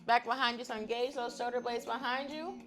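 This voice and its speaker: A woman's voice: on the high side, steady tone, fairly quick, fairly bright tone, soft background music. A woman guiding a stretching class in an upbeat, chatty way, often laughing as she talks. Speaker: fitness instructor.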